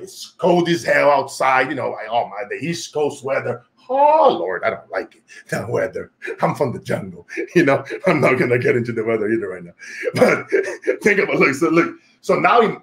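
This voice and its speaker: Man, Brazilian accent, higher-pitched voice, animated, laughs often, motivational storyteller. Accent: Brazilian Portuguese. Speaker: show host.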